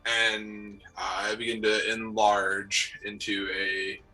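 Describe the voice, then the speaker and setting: A man narrating a tabletop game as game master, halting with many ums and uhs. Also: fairly low pitch, level tone, bright, forceful tone, soft background music, rough recording.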